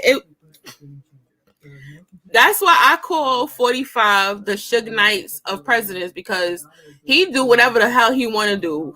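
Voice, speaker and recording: A woman's voice: fairly high pitch, measured pace, bright, forceful tone. A woman casually reviewing a political debate on her own show, slangy and exclaiming, often breaking into laughter. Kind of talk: casual commentary.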